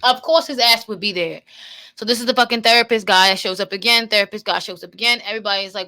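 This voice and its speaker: Brief: woman movie reactor, bright voice, loose and profane, repeats points. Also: medium pitch, quick pace. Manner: profane, repetitive, opinionated retelling. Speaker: movie commentator. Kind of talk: casual movie reaction commentary.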